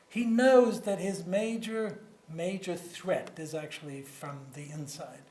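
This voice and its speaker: A man in his seventies delivers a public lecture in a fairly high voice. He speaks in a measured, conversational way, often repeating a word before moving on. The sound is roomy, like a lecture hall. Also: darkish tone. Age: 70s. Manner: measured and conversational, with frequent "you know" and repeated words. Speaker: guest lecturer on nuclear security.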